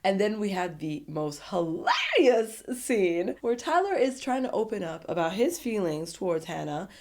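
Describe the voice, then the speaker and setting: A woman giving a casual, animated, sassy recap of a reality show episode and laughing often. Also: medium pitch, moderate pace.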